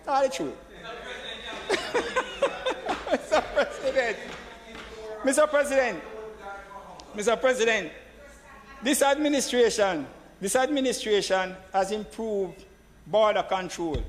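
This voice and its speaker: A man's voice: sits high, animated, measured pace. A man giving an emphatic parliamentary debate speech as a government senator, repeating phrases and addressing the chair. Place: senate chamber. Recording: long reverb of a chamber hall.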